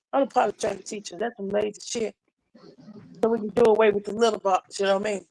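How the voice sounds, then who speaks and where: A woman's voice: medium pitch, steady tone, quick pace, darkish tone, low-quality recording. A woman from North Carolina, chatting casually on a live panel, rambling with repeated restarts and frequent laughter. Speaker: live panel chat guest. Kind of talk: casual chat.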